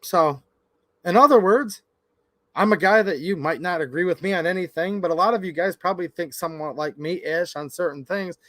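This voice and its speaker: Chatty high-voiced man on a livestream. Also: a little fast, fairly bright tone, no echo. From Michigan. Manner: chatty and opinionated, addresses chat directly. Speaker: gun channel livestream host. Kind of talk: casual livestream commentary. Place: his workshop.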